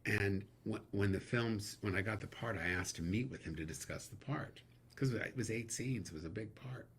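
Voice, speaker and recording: A middle-aged man, a guest actor, telling animated stories in a casual interview, laughing now and then. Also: fairly low pitch, normal speed, a little hiss or hum.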